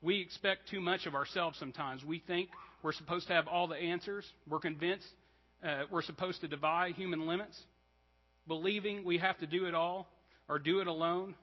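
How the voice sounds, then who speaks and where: A male pastor with a somewhat high voice gives a relaxed, chatty sermon, often checking in with the room. The recording is dull and muffled. A long church-hall reverb trails behind his words. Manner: casual, frequent "like" and "right?" check-ins. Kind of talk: conversational sermon. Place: church sanctuary.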